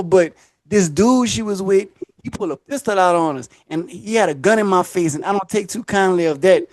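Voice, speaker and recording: A man's voice: high-pitched, no echo. A man telling a long story casually on a podcast, acting out the voices and laughing often.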